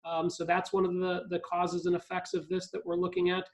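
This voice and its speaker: A man's voice: high-pitched, completely flat delivery, brisk, rough recording. A man from Ohio speaking as a guest on a live video call, with frequent ums and restarts. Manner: hesitant, many ums and restarts. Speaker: park district CEO, guest speaker.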